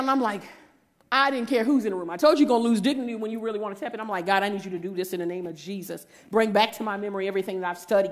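A woman, giving a preaching testimony and acting out the voices in her story, sometimes rising to a shout. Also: fairly high pitch. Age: 40s.

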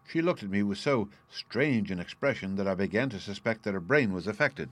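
Low-voiced man reading a story. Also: animated, brisk, hardly any pauses, no echo. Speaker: audiobook narrator. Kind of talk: first-person storybook narration.

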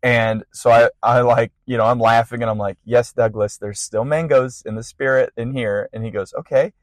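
Man, young adult, casual podcast storyteller, animated and chatty, mid-pitched voice, dry sound. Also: moderate pace, no room sound. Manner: animated, laughing storyteller with many fillers. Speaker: podcast guest sharing a testimony.

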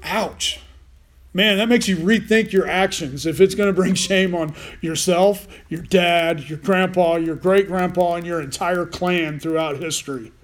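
Male pastor, higher voice, folksy sermon with jokey asides and restarts. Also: unhurried. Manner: folksy, self-deprecating asides with frequent restarts.

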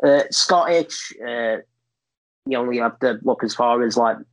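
An Englishman chatting casually on a podcast in a blunt, unfiltered way. He swears freely and drifts into rambling asides, his voice pitched in an ordinary middle range. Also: unhurried, rough recording. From England. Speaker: podcast guest. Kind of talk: casual chat.

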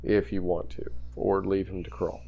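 Male game master, laid-back scene narration, gravelly fry. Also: low voice, completely flat delivery, moderate pace, lo-fi sound, faint music behind.

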